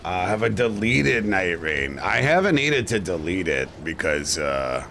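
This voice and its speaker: A man's voice: low voice, big pitch swings, a little slow, vocal fry, a bit bright, a little hiss or hum. Blunt, crude-joking male streamer. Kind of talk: casual livestream chat.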